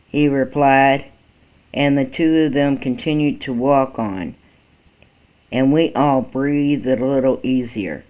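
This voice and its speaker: A man reading a first-person story aloud in a slow, halting way, with small restarts, on a dull lo-fi recording. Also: mid-range voice. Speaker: amateur story reader.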